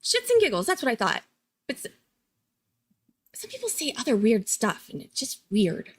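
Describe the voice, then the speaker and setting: A woman hosting a casual live-stream commentary, chatty and excitable, thinking aloud and laughing often. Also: a little high, normal speed, husky. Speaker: true-crime commentary host.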